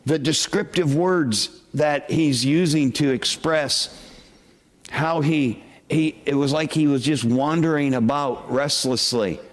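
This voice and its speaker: A man preaching a sermon to a congregation as their pastor, talking conversationally and asking the listeners questions. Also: on the high side. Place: church sanctuary with congregation. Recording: long reverb of a large hall.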